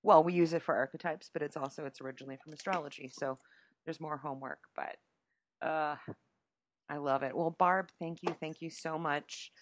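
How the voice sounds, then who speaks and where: A woman's voice: deep voice, steady tone, normal speed, slight background noise. A woman hosting a podcast in a playful, chatty way, often laughing as she talks. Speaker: podcast host. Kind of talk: casual chat.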